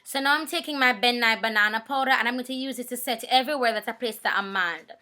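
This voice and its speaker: A woman's voice: fairly high pitch, quick pace, bright, forceful tone. A woman, talking casually through a makeup tutorial, chatty and repeating herself. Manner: chatty, repeats herself, talks while working. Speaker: makeup vlogger.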